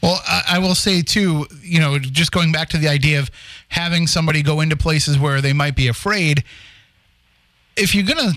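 A man's voice: fairly high pitch, normal speed, fairly bright tone, dry recording. A man co-hosting a radio talk show, musing aloud with frequent restarts and fillers. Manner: thinks aloud with many restarts and "you know"s. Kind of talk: casual talk radio chat.

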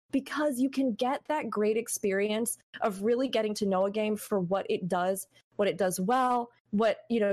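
A woman's voice: medium pitch, darkish tone, no echo. A woman guest on a gaming podcast, talking casually and giving thoughtful advice with many "like"s and "right"s. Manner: thoughtful, advising, often says "like" and "right".

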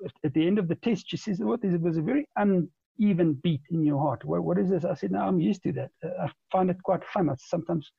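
A man's voice: fairly high pitch, quick pace, gravelly, breathy edge, dry recording, muffled recording. A man in his forties, a podcast guest, telling a long personal story in a rambling way, repeating words and restarting his sentences. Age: 40s. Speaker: interview guest. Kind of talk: conversational storytelling.

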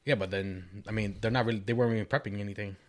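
A man's voice: on the low side, steady tone, rapid-fire. A man chatting casually with a friend, telling a rambling, profane story and breaking into laughter. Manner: rambling, laughing, profane retelling with quoted voices. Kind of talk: casual chat.

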